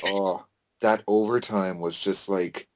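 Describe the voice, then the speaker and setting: Deep-voiced man chatting casually. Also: takes it slowly. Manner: excitable, swears casually, restarts sentences. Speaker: podcast co-host. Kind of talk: casual chat.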